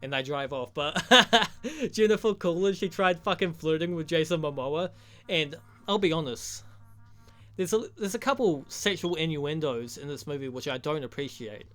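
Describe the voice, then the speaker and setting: A man's voice: fairly high pitch, expressive, normal speed. A young man giving a rambling, profane, joking recap of a movie as a reviewer. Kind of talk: crude comedic movie recap.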